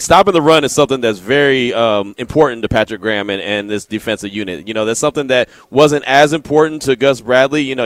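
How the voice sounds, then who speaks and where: A man's voice: mid-range voice, no echo. Easygoing sports radio host, man. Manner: relaxed, conversational, reads listener texts. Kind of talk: casual sports talk radio.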